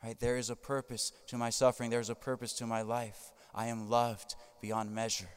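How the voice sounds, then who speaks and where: A man's voice: medium pitch, little pitch movement, normal speed, clean tone. A man preaching as a Catholic priest, emphatic, tagging his points with "right?". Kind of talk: sermon. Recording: long hall reverb.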